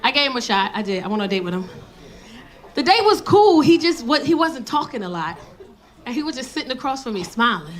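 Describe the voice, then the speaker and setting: Brash high-voiced woman comic. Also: sing-song, a little fast. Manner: brash, profane, teasing the crowd. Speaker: stand-up comedian. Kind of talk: stand-up comedy storytelling. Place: comedy club stage. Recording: live club, loud crowd laughter and noise.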